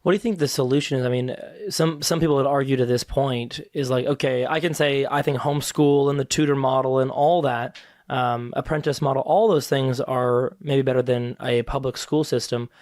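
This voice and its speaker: A man's voice: mid-range voice, steady tone, fairly quick, a little mellow, no room sound. Podcast host guy with a country accent, curious easygoing questions, dry sound. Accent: American country. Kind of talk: casual interview talk.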